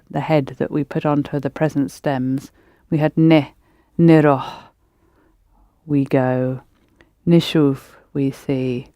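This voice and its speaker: A woman's voice: low voice, no echo, highs cut off. Patient woman teaching a language class. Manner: patient, prompting and correcting students. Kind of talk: language lesson.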